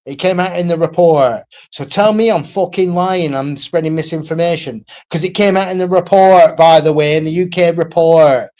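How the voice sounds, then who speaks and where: A man's voice: on the high side, moderate pace, few pauses, darkish tone. A man ranting on his own live stream, blunt and profane, repeating himself and asking "right?" again and again. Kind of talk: solo livestream rant.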